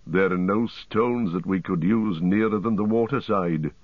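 Blunt male dwarf warrior, voiced by a man, urgent, deep, slightly dull audio. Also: measured pace, dry recording.

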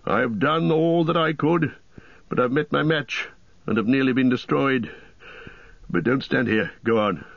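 A man's voice: medium pitch, unhurried, gravelly, no echo. A man voicing a fierce, commanding old wizard in an audiobook, urgent in manner. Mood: shaken. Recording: dull lo-fi cassette.

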